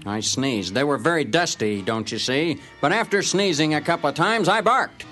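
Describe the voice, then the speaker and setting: A man's voice: on the high side, lively intonation, moderate pace, over music. A man narrating a story in character as a cocksure male ranch dog, in a folksy, self-important manner.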